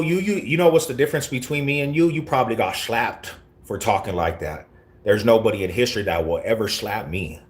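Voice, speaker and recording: Reading and responding to his chat during a livestream, a Colorado man talks in brash, confrontational street slang. His voice sits on the low side and sounds a bit bright, and the talk is casual.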